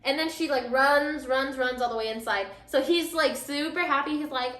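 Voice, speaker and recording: A woman's voice: sits high, normal speed, a bit bright. A young woman vlogger casually recapping a drama while doing her makeup, chatty and full of fillers, acting out the characters' lines. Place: room at home, doing makeup. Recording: echoey room.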